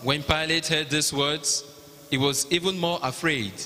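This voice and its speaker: Nigerian guy narrating scripture in a big cathedral, bright voice, long echo. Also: fairly high pitch, fairly even intonation, a little slow. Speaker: narrator of the Passion reading. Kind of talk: liturgical scripture reading. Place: large cathedral.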